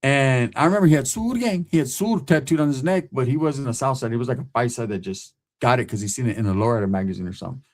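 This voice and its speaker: A man's voice: medium pitch, quick pace, hardly any pauses. A man from California, telling a story in casual, street-slang style and often tagging his sentences with "right?". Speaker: host.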